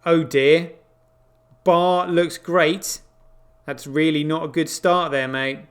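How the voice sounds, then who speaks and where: A man's voice: fairly high pitch, fairly even intonation, slow pace. A man hosting a crypto show, giving casual, incredulous running commentary on what he sees on screen, with frequent exclamations. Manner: exclaiming, incredulous, swearing asides.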